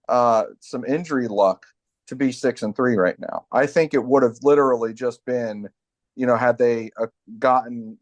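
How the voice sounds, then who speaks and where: A man's voice: mid-range voice, dry recording. A man hosting a sports podcast in casual chat, talking in long rambling runs full of fillers and restarts. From New England family.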